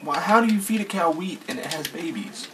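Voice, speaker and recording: A man's voice: on the high side, animated, a little fast. A man co-hosting a podcast in casual joking chat, teasing and often breaking into giggles. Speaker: podcast co-host. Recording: distant mic with clear noise.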